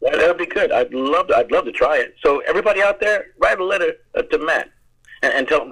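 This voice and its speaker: Husky, bright-voiced American man telling stories. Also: fairly high pitch, lively intonation, quick pace, rough recording. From United States. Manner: rambling, repeats words, laughs often. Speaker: guest actor. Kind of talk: casual interview storytelling.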